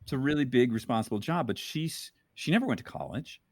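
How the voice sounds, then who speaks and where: A photographer and speaker chats as a podcast guest, animated and loose, packing his talk with fillers like "you know" and "like." His voice is medium-pitched and fast, recorded in a clean studio with no echo.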